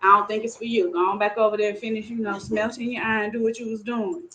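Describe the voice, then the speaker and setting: A storyteller woman voicing a calm older male elder god who brushes off a younger one. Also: mid-range voice, fast talker, slight background noise, voice pushed down, natural voice, rough recording. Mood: dismissive.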